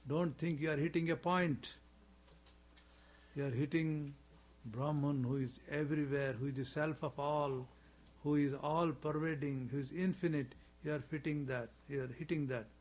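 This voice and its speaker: A man delivers a spiritual sermon on scripture, chanting in Sanskrit and then explaining in slightly imperfect English, leaning on repetition and rhetorical questions. His voice is fairly high and darkish, with a steady tone and normal speed.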